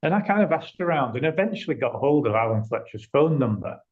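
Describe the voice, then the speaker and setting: Speaking fast in a mid-range voice, a northern English agency owner tells a lively story as an interview guest, performing the quoted lines with animation. The audio is a little muffled.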